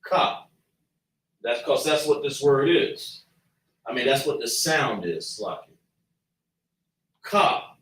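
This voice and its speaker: A man teaching a slow lesson at a chart, patiently breaking down and repeating sounds as he writes them out. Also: mid-range voice, expressive, a bit bright, distant mic, slight background noise. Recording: echoey room, voice from afar.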